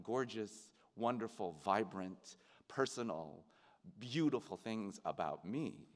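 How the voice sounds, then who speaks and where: A man's voice: on the low side, animated, slow. A middle-aged man, an actor, giving a heartfelt and reflective commencement speech. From United States. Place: large ceremony venue. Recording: long reverb of a large venue.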